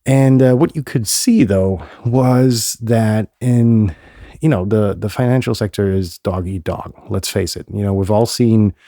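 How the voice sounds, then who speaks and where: Gravelly low-voiced man rambling on a podcast. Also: a little slow, dark tone, no room sound, clean studio sound. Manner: rambling, many filler sounds, blunt and profane. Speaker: podcast host. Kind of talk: casual solo podcast monologue.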